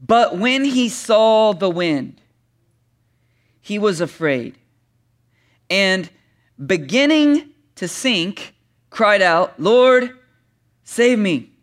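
A man's voice: sits high, drawn-out words, long pauses. A man preaching a sermon, reading scripture dramatically and joking with the congregation. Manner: animated, reads scripture dramatically, then chats with humor. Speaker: pastor.

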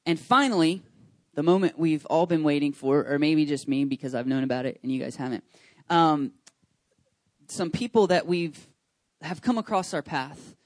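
Excitable pastor, slightly high voice. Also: male voice, normal speed, no room sound. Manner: chatty, rambling with many fillers and restarts; enthusiastic, excitable. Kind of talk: casual church announcements. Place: church service.

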